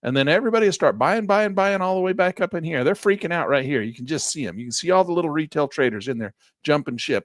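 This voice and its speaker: A man's voice: on the high side, expressive, fast talker, hardly any pauses, dry recording. A middle-aged man teaching a live trading class, narrating chart moves in a teasing, playful way. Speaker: trading instructor.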